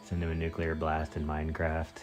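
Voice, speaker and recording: Over game music, a man whose first language is Spanish offers casual live gameplay commentary, reacting with slang exclamations and plenty of fillers. He speaks fairly quickly in a rumbling low monotone.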